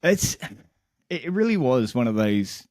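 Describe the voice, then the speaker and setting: Swearing bloke telling a story. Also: male voice, medium pitch, unhurried, no echo, studio quality. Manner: animated, exasperated, swears constantly, laughs mid-sentence. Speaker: podcast co-host. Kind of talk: casual storytelling chat.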